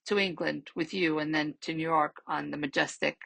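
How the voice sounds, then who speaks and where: A woman reading the part of a kindly older English sea captain, speaking gruffly and fatherly in a storybook. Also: sits low, fairly even intonation, moderate pace, fairly bright tone, exaggerated voice.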